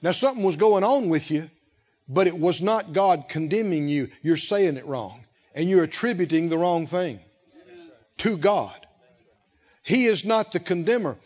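A male pastor preaching a sermon, speaking slowly and with emphasis, pausing to let the congregation fill in key words. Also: high voice, animated, a little mellow. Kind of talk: sermon with call-and-response. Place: church sanctuary. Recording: lo-fi with long hall reverb.

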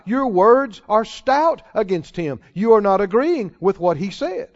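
A male preacher with a high-pitched voice, delivering a sermon with emphatic repetition. He slows way down to lean on scripture lines. The recording is dull and lo-fi. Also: lively intonation.

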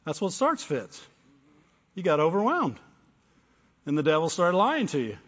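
Older male pastor, fairly high voice, fervent sermon with quiet story asides; muffled recording in a long-echo hall. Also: wildly swooping pitch, normal speed. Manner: call-and-response preaching, rising to fervent peaks; drops into soft storytelling. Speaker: preacher. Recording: dull sound with long hall reverb.

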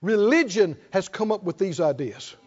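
A man's voice: high-pitched, lively intonation, normal speed, in a large hall, muffled recording. A man preaching a sermon, often asking the congregation to respond. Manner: rhetorical, asks the congregation to respond.

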